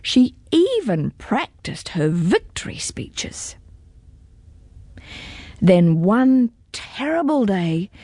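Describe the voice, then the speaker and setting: A woman with a fairly high pitch reads a children's storybook aloud, expressive and deliberate, with no echo in the recording.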